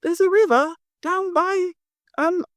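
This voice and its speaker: A man voicing excited little Christmas elves in a high squeaky falsetto, in an improvised bedtime story. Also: slow, no room sound.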